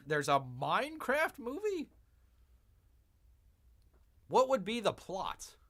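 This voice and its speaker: A man's voice: sits high, a bit bright. A man hosting a live stream, reacting with sarcastic, mock-exasperated commentary. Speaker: streamer host.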